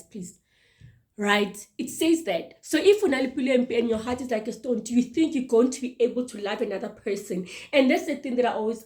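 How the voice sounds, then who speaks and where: This thirtysomething show host, with a slightly high and somewhat mellow voice, delivers an earnest, emphatic advice monologue in a casual style, repeating her words often.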